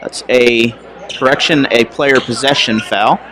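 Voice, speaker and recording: A man's voice: medium pitch, steady tone, unhurried, sharp tone. Chatty man calling a basketball game. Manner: casual, chatty, self-correcting. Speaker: play-by-play announcer. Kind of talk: high school basketball commentary. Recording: noisy gym recording.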